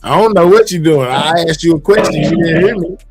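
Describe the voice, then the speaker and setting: A man's voice: on the high side, brisk, over music. A man hosting a livestream in casual, laid-back talk full of slang. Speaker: livestream host. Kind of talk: casual chat.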